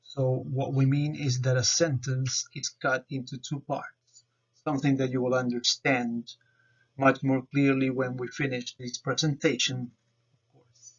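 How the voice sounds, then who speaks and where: A man presenting a grammar lesson over slides, explaining in a careful, measured way. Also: medium pitch, flat delivery. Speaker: student presenter. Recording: dull lo-fi recording.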